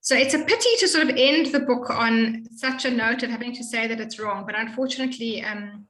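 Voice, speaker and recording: A woman tutoring a student in Hebrew reading, explaining patiently and slowly modeling each sound. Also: on the high side, fairly bright tone, reverberant, a little hiss or hum, low-quality recording. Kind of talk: one-on-one reading lesson.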